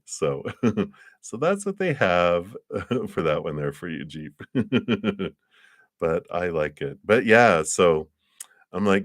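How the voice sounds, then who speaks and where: On a live stream, a male tarot reader works through a card reading in a low, very animated voice, speaking very slowly and pausing often. He rambles warmly from card to card and laughs a lot, his voice close and dry on the mic with no echo.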